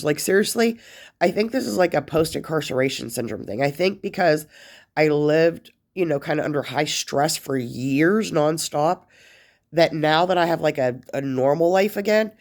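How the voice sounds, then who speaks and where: A woman's voice: sits low, a little mellow. Rambling, emotional woman vlogger. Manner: rambling, many fillers and restarts; emotional, close to tears at times. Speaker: vlogger sharing life after prison. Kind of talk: casual advice talk to camera.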